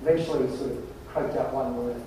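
A man giving a humorous keynote at a conference, telling anecdotes in a wry, animated way. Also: mid-range voice, fast, a little hiss or hum. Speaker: conference presenter. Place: large conference hall. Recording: very echoey hall, distant mic.

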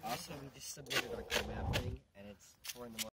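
A tired young adult in playful casual chat with friends, loud and swearing, outdoors at night. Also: mid-range voice, a little fast, heavy background noise.

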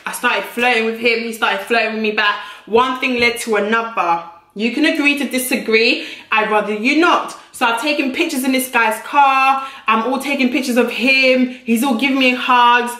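A woman's voice: a little high, fairly even intonation, moderate pace, bright, forceful tone. A young woman, telling a storytime vlog in a blunt, brash way and swearing freely. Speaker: YouTuber. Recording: echoey room.

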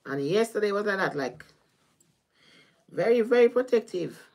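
A woman's voice: mid-range voice, lively intonation, normal speed, darkish tone. A woman with a Caribbean accent giving a casual tarot reading on a livestream, chatty and often laughing. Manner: chatty, laughing, drifting between topics. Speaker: tarot reader.

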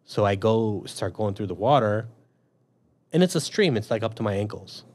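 Profane, animated man telling a war story. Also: fairly low pitch, moderate pace. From Chicago. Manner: profane, animated storyteller acting out his own past thoughts. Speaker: guest, army veteran and police officer. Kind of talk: casual storytelling interview.

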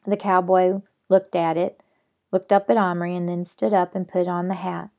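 A woman's voice: on the low side, little pitch movement, moderate pace, vocal fry. A middle-aged woman reading a children's novel aloud, then chatting about the chapter. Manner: gentle, plain reading, chatty afterward. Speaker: storybook reader.

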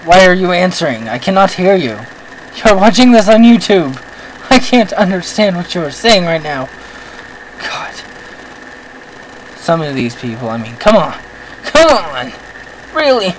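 Excitable man yelping through game commentary. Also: high voice, a little slow, pauses often, a little hiss or hum, poor audio. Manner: excitable, yelps and shouts at the game; self-mocking rambling asides. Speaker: gaming channel host. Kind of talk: let's-play commentary.

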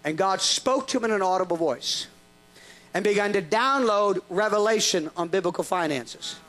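A male preacher delivers a sermon story in a very high, bright voice. He is animated and laughs often, stumbling over restarts as he goes. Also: normal speed.

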